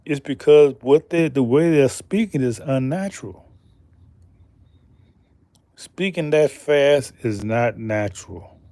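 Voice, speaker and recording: A man hosting a slow, deliberate commentary monologue, emphatic and pausing often, asking pointed rhetorical questions. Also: mid-range voice, warm tone, dry recording. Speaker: channel host.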